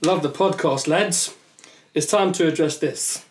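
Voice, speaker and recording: A man co-hosting a casual football podcast, talking thoughtfully and hesitantly with many pauses. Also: on the high side. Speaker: podcast co-host.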